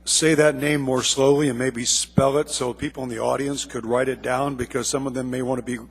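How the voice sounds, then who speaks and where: Polite man with a husky voice. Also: mid-range voice, level tone, brisk. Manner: polite, formal. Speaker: assembly member. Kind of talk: meeting question.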